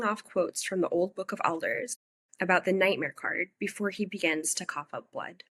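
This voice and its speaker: A woman summarizing book chapters for a podcast, briskly, with wry asides. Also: fairly low pitch, fairly bright tone, slightly rough. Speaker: podcast co-host. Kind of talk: casual book recap narration.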